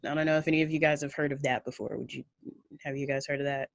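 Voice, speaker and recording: A woman's voice: very deep voice, little pitch movement, very fast, creaky, no echo. A slightly tipsy woman telling a story in casual podcast chat, loose and laughing, with plenty of ums and swearing. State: a little tipsy. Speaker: podcast co-host.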